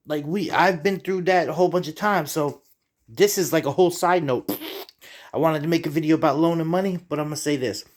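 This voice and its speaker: A middle-aged man vlogging in a casual, rambling monologue, profane and heated as he digresses. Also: a little high.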